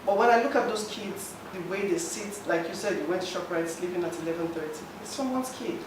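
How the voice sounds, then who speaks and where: A man's voice: high-pitched, a little fast. Impassioned man in an echoey hall. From Nigeria. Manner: emotional, pleading. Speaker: forum participant. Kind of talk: impassioned public comment. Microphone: handheld mic. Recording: echoey hall, distant mic, noisy.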